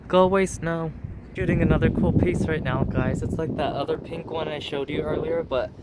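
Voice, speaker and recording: A man's voice: a little high, steady tone, moderate pace, very noisy. A young man in casual vlog chat, upbeat and filling his talk with "like". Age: young adult. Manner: chatty, upbeat, many "like"s. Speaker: vlogger.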